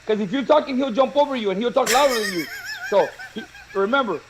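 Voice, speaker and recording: Animated laughing storyteller man. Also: extremely high pitch, fast, noisy background. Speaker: show co-host. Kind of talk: casual storytelling chat.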